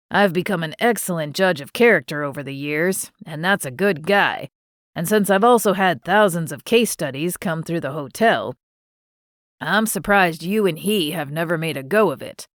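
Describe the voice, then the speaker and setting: A woman narrator voicing a gentle, grieving old man near eighty who talks in a slow, wistful way. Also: on the low side, dry recording, studio quality, natural voice. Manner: slow, wistful, fond teasing.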